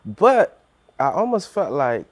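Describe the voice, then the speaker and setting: A man's voice: a little high, big pitch swings, slow, slightly rough, no echo. A man telling a personal story on a podcast in earnest, acting out what others said, with many restarts.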